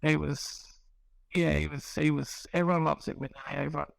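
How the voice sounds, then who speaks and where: A man's voice: fairly high pitch, little pitch movement, normal speed, vocal fry, no room sound, poor audio. A middle-aged man, casually telling his recovery story in a rambling way, with restarts and quoted dialogue. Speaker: guest sharing recovery story.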